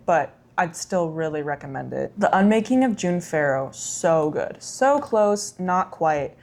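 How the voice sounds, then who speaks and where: A woman's voice: fairly low pitch, darkish tone. Chatty young woman ranking books. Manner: chatty and effusive, with frequent fillers and self-corrections. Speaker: book vlogger. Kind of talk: casual chat.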